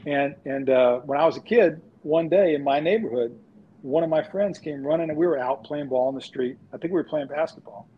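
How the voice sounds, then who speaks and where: A man's voice: fairly high pitch, brisk, a little hiss or hum. A man from New York, a former sportswriter, telling stories in a casual podcast panel and acting out voices. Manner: animated storyteller acting out voices. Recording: dull lo-fi audio.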